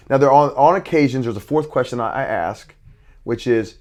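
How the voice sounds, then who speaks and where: A man's voice: mid-range voice, fairly quick, darkish tone. A man talking as a podcast guest about being a father and youth coach, earnest and reflective, often restarting his sentences. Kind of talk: podcast conversation.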